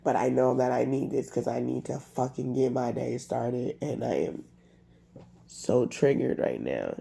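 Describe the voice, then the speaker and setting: Low gravelly woman, confessional vlog. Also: animated, dark tone. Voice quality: congested. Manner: halting, many fillers and restarts. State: upset and irritated. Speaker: vlogger.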